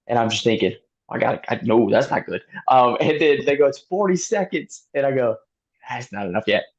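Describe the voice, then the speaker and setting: A man being interviewed, telling a race story in a casual, animated way, laughing often and using lots of fillers. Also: medium pitch, brisk. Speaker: guest athlete. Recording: dull lo-fi sound.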